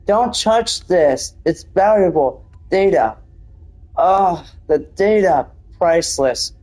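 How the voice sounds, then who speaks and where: A strange, vengeful voice from a game recording, pitched up above the speaker's usual tone and dragged out word by word, as a man reads its lines aloud. It swings between threats and pleading, never hurried. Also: animated, a little mellow, full character voice, low-quality recording. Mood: menacing, bitter. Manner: slow, drawn-out reading.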